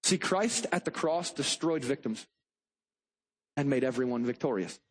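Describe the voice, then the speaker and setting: A man preaching a sermon in an animated, dramatic way, swinging between loud pleading and soft tones. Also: medium pitch, normal speed. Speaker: pastor.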